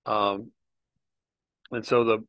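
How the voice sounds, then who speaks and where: A man with a fairly low, level voice that's a bit bright, clear and resonant leads a casual Bible teaching in a dry recording. He explains Hebrew words slowly, meandering conversationally with frequent fillers and restarts.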